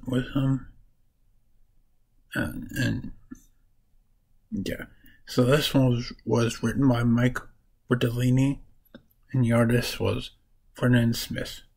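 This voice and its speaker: A man's voice: medium pitch, creaky, breathy edge, poor audio. A man casually summarizing comic books for his vlog, rambling and correcting himself as he goes. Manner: rambling, restarts and corrects names while summarizing. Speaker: comic book reviewer.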